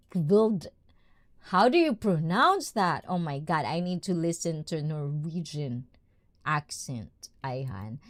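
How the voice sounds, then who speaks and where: A bubbly woman with a fairly low voice hosts a casual livestream from home. She giggles often and chats warmly with her viewers. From Filipina-Japanese. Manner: bubbly, giggly, mixes in Tagalog and Japanese words. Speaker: livestream host. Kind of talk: casual livestream chat reading the chat.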